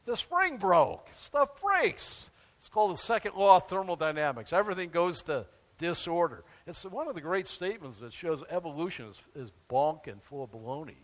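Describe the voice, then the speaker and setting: A man's voice: fairly high pitch, lively intonation, fairly quick, hardly any pauses, long reverb tail. An older man preaching a sermon in a folksy, emphatic way, with asides and chuckles. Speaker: pastor.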